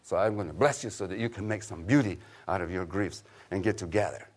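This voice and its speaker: A man giving an informal public talk to an audience, an animated storyteller who jokes and urges his listeners with a preacher's insistence. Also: sits low, fast. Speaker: author and teacher giving a talk.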